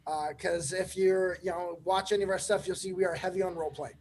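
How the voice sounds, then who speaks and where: A man co-hosting a casual recap chat as a player, explaining things in a relaxed way with some fillers. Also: high voice, brisk, slight background noise, rough recording. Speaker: podcast co-host and player.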